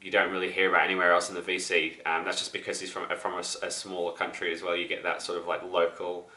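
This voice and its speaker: Young man, slightly sick voice, rambling vlogger, bright tone in an echoey room. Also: sits low, completely flat delivery, quick pace. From New Zealand. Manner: rambling, many ums and restarts. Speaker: record-collecting vlogger. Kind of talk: casual vlog to camera. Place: apartment.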